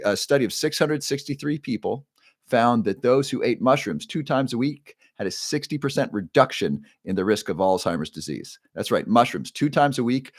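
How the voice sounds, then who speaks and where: A man's voice: on the low side, dry recording, clean studio sound. A man hosting a casual live stream as a neuroscientist, upbeat, greeting viewers by name and often restarting his sentences.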